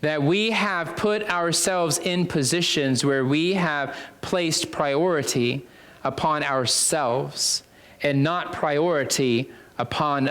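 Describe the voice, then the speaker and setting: A man's voice: fairly high pitch, a bit bright. A man preaching a sermon in a conversational way, full of fillers and restarts, repeating phrases for emphasis.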